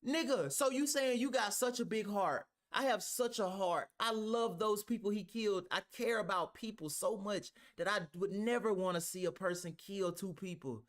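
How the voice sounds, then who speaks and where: A man's voice: high voice, moderate pace, hardly any pauses, fairly bright tone. A man reacting to a clip, heated and argumentative, talking with heavy profanity. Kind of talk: ranting reaction commentary.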